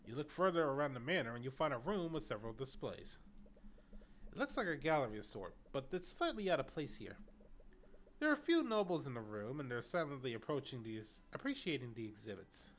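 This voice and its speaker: A woman's voice: extremely low pitch, very animated, fairly quick, slight background noise. A woman streamer reading a video game's story aloud in a casual way. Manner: casual, reads story text then chats. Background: faint game music.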